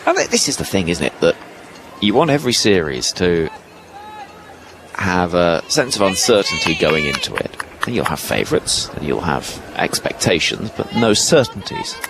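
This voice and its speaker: A man giving ball-by-ball cricket commentary from a ground's commentary box, lively and rising with each delivery. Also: low-pitched, moderate pace, creaky. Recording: broadcast with loud ground noise behind.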